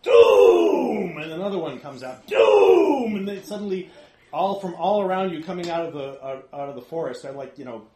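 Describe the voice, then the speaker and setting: A man's voice: on the high side, fast talker, darkish tone, reverberant, rough recording. A man narrating as game master, loose and rambling, laughing often.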